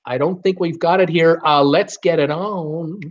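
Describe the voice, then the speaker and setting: A man's voice: on the high side, steady tone, unhurried. A man hosting a live trivia stream, reading out viewers' guesses with many fillers and half-singing song titles. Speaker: live trivia show host. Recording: dull lo-fi stream audio.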